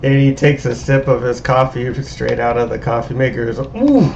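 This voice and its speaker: A man's voice: mid-range voice, level tone, a little fast, gravelly, slight background noise. A man streaming a game and chatting over a voice call, a rambling storyteller who laughs at his own stories. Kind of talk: casual chat. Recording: dull lo-fi call audio.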